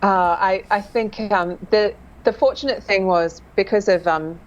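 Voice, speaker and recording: A woman's voice: mid-range voice, normal speed. A woman dialect coach chatting enthusiastically in an interview, laughing often. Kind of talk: casual interview chat. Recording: dull lo-fi sound.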